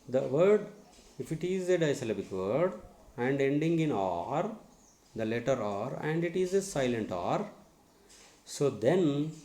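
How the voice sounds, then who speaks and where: Slow, echoey Indian English teacher. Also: male voice, mid-range voice, mellow. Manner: repeats words to model stress, drills students. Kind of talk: slow spoken lesson. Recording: echoey room.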